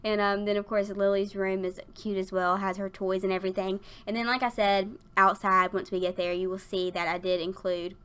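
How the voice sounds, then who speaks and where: A woman's voice: mid-range voice, flat delivery, fairly quick, hardly any pauses, fairly bright tone, smooth. A young woman talking over her build in a chatty, rambling way with lots of fillers and giggles, a little out of breath. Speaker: Sims builder YouTuber. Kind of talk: casual voiceover chat. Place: at her desk at work.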